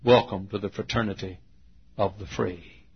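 A man voicing a blunt older preacher, gravelly, husky, drawling, lo-fi recording. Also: lowish voice, fairly even intonation, moderate pace, voice pushed down. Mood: wry. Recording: dull lo-fi recording.

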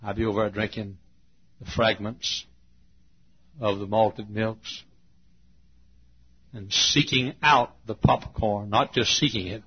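Folksy male preacher, storytelling sermon, husky voice, lo-fi sound. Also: fairly low pitch, fairly even intonation, slow pace, long pauses. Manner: folksy, swings from hushed to loud.

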